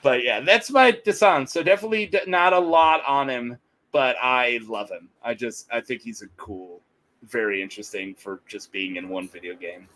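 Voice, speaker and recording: Man, bright tone, casual podcast chat, rambling, laughs a lot. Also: medium pitch, moderate pace, low-quality recording. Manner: rambling, laughs often, quotes characters in playful voices. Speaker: podcast co-host.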